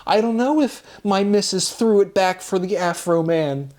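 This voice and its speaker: A man putting on a self-pitying grown man who whimpers in a thin, raised falsetto, every word dripping with exaggerated woe. The whine is pitched far above his own voice and sounds mocking rather than sincere. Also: moderate pace, a little mellow, close to an everyday voice.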